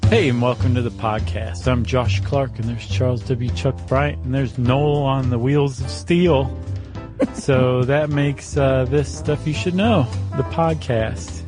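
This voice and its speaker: A man with a General American accent co-hosting a podcast in casual chat, playful and quick to laugh. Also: medium pitch, steady tone, over music. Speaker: podcast co-host.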